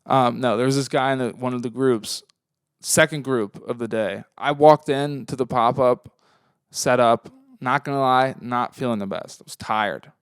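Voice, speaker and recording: A man's voice: mid-range voice, moderate pace, clean tone, no room sound, clean studio sound. A young man hosting a podcast, talking casually in a rambling, profane monologue that swings into heated rants. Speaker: podcast host.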